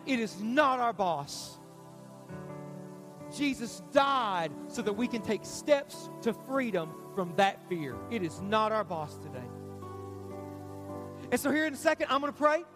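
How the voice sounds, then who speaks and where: A pastor giving an urgent, repetitive altar call in a church sermon. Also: male voice, very high voice, fairly bright tone. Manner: urgent, repetitive, pleading preaching. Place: church stage.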